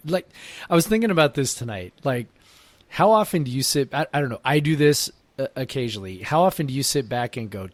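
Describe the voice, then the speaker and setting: A man of middling pitch who sounds tired, co-hosting a sports podcast from home. His talk meanders, is filled with "like", and often trails off quietly. The recording is dry and close. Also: animated, a little fast, no echo. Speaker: podcast co-host. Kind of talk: casual sports chat. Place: home basement.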